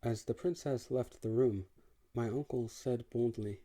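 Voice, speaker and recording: A man narrating an audiobook in the first person, in a measured, wry way. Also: medium pitch, dark tone.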